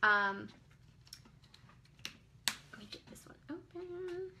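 A woman hosting a live online sales show, gushing and exclaiming excitedly as she presents each item. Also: very high voice, slow, very noisy. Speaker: live-stream pearl seller.

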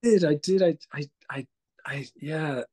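Slightly high with a breathy edge, this man's voice keeps a moderate pace as he's interviewed casually as an actor and guest. His accent blends in an Australian tinge; he's animated, restarting with stammers, laughing and putting on voices.

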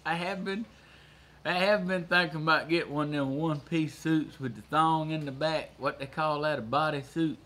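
A man with a Southern US accent hosting a casual livestream, folksy and quick to laugh as he chats with viewers. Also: a little high, fairly bright tone. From Georgia, USA. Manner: folksy, laughs often, reads out viewer comments. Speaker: livestream host. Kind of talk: casual live chat with viewers.

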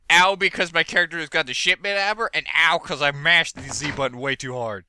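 A man's voice: a little high, a little fast, few pauses, soft background music. A man giving let's play commentary, talking to himself and the characters on screen, and yelping and cursing when things go wrong. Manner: excitable, yelping and cursing at the game. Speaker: gaming video host.

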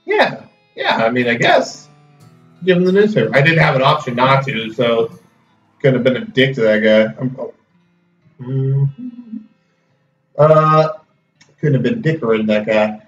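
A man's voice: mid-range voice, big pitch swings, measured pace, pauses often. A young man casually joking through a gameplay session, reading dialogue aloud. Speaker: let's play host. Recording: roomy, distant, dull, faint music.

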